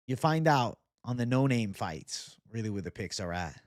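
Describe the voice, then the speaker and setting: A man's voice: medium pitch, lively intonation, moderate pace, no echo, studio quality. A young man hosting a casual livestream, reading viewer comments and talking loosely with plenty of swearing and bro-talk. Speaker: livestream host.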